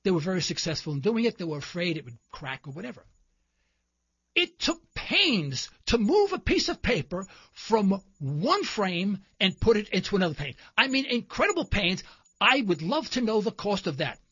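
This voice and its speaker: A man's voice: high-pitched, big pitch swings, moderate pace, a bit bright, breathy edge, dry recording, dull audio. A man hosting a talk show, delivering an impassioned political commentary monologue full of rhetorical questions and indignant emphasis.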